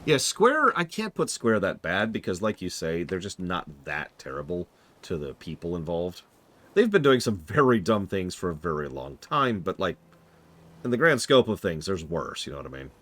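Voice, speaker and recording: A man's voice: deep voice, sing-song, moderate pace, a bit bright. A man giving casual, opinionated commentary while streaming a game, joking with his chat.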